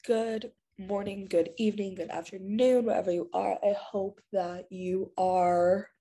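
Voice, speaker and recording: A woman's voice: medium pitch, fairly even intonation, a little slow, dark tone, slight background noise. A woman hosting her podcast in casual, self-deprecating chat while she has a cold, recorded without a proper microphone. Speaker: podcast host.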